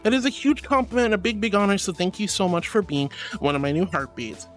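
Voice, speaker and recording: This is a man with a high, bouncing voice who leaps up and down in pitch as he chats on a live stream. He reads viewer messages aloud and greets each newcomer with sweet pet names. Faint music plays behind him. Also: sing-song, fast talker, a bit bright. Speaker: VTuber streamer. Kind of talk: casual live-stream chat. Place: VRChat stream.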